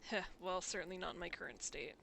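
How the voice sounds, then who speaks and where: A woman's voice: on the low side, fast talker, vocal fry, very noisy. A woman reading a dying old father, tender.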